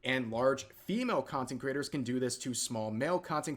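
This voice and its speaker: A man narrating a commentary video in a measured, explanatory way. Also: medium pitch, expressive. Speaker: commentary youtuber. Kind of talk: commentary narration in a played clip.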